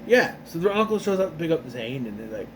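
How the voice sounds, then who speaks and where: A man's voice: fairly high pitch, big pitch swings, background noise. A man recapping a TV episode in a casual, rambling way, restarting often and acting out the characters' lines. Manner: rambling, restarts a lot, acts out lines in quick voices.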